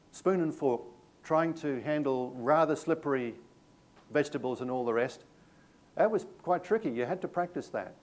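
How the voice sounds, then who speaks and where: A man's voice: on the high side, darkish tone. A middle-aged man from New Zealand with a New Zealand accent, leading a live training session in a chatty way, telling stories with dry humour. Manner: conversational, anecdotal, self-deprecating humour. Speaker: workshop presenter.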